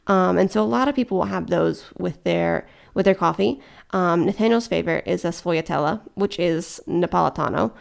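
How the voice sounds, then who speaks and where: A young woman co-hosting a casual chat, easygoing and quick to laugh. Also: lowish voice, gravelly. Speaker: podcast co-host.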